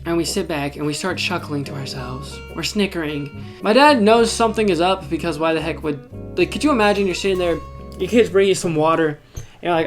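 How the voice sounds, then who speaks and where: A young man hosting a podcast, casually telling funny stories with jokey, animated delivery and sudden loud asides. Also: sits high, fast talker. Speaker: podcast host. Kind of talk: casual storytelling. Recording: background music under the voice.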